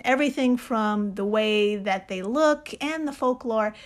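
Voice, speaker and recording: A woman co-hosting a casual podcast, her voice sitting a little high. She explains with energy, swears freely and laughs often. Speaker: podcast co-host. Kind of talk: casual chat.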